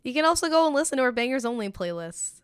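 A woman's voice: sits high, big pitch swings, quick pace, clean tone, no echo. A woman co-hosting a podcast in casual chat, playful and teasing. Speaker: podcast co-host.

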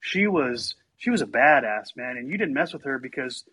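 An older man with a husky voice, telling stories from his childhood in a casual chat and acting out his family members in livelier voices. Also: normal speed. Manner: animated, acts out family members in higher voices. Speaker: storyteller guest.

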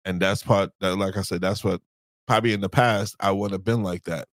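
A man co-hosting a casual podcast chat about marriage, a relaxed storyteller who acts out past conversations. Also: low voice, brisk, dry recording. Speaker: podcast co-host.

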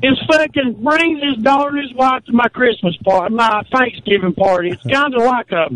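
A man's voice: very high-pitched, normal speed, a bit bright, no echo, low-quality recording. A man from North Carolina, calling in to tell a profane story in a blustery, drawling way. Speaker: caller. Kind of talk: phone-in storytelling.

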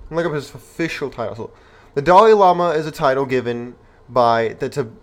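A young man with a medium-pitched voice hosts an opinion commentary show, speaking briskly. He reads the news aloud and responds with rhetorical, indignant outrage.

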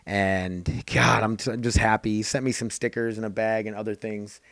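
A man's voice: fairly low pitch, little pitch movement, normal speed, vocal fry, a bit bright, no echo. A man hosting his own podcast, rambling in an offhand, casual way and swearing freely. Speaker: podcast host. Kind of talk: casual solo podcast chat.

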